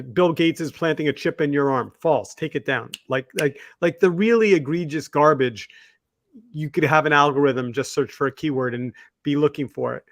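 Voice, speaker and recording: A man co-hosting a podcast, speaking in a somewhat raised pitch for a male voice. He tells reflective anecdotes in a rambling, conversational way, full of fillers and restarts. The sound is dry and close, with no room around it. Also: no echo. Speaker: podcast co-host. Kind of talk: casual discussion.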